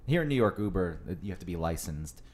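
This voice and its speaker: A man's voice: low-pitched, big pitch swings, fast, darkish tone. A man in casual chat, making dry, wry remarks.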